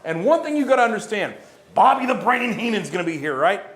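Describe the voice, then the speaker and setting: A man's voice: high voice, very animated, fast, a bit bright. A man speaking as a wrestling manager, cutting a smug, self-important promo in an echoey room. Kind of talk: boastful heel wrestling promo.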